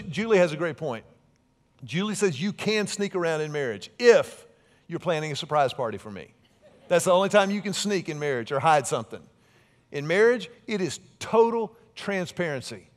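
A middle-aged man preaching a sermon in a conversational way, with asides and big swings between loud and soft. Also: on the high side, very animated, normal speed. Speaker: pastor.

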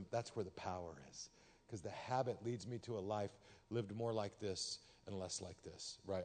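Animated pastor preaching in a big hall. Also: male voice, fairly low pitch. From Texas. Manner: conversational, humorous, gets loud and animated in anecdotes. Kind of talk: sermon. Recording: long hall reverb.

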